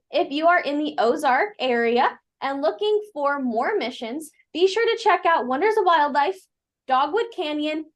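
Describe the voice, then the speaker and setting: Brief: woman host, high voice, reads the intro from script. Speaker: livestream host.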